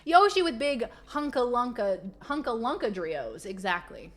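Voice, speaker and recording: A woman streaming a game and chatting casually with her viewers, playful and quick to slip into silly voices. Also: a little high, very animated, a bit bright. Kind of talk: casual live-stream chat.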